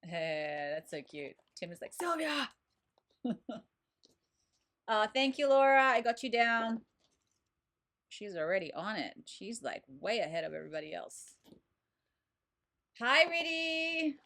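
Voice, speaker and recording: Very animated and a little slow, pausing often, this thirtysomething livestream host reads oracle cards from her home desk. Her medium-pitched, slightly bright voice stays bubbly and chatty as she welcomes viewers by name.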